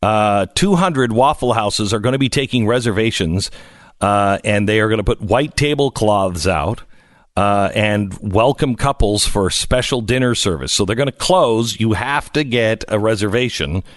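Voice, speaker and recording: A man's voice: on the low side, expressive, moderate pace, no echo. A man hosting a talk radio show, trading dry, teasing banter with his co-host. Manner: teasing, dry, mock-insistent.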